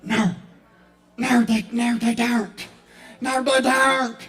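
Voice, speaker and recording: A man putting on a whiny, shouting hillbilly cave creature, frantic for gold. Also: extremely high pitch, flat delivery, slow, full character voice, low-quality recording. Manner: shouting, whining, near tears.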